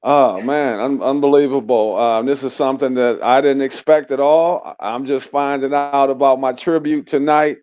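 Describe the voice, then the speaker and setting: Halting man on dull, dry remote audio. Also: mid-range voice, fairly even intonation, clean tone, no room sound. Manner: halting, repeats words. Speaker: show co-host and tribute honoree. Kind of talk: emotional on-air thanks.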